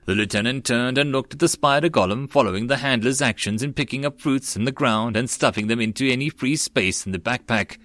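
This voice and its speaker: A man's voice: medium pitch, fairly quick, few pauses, a bit bright, no room sound. Man narrating an audiobook, dry sound. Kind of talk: audiobook narration of a web novel.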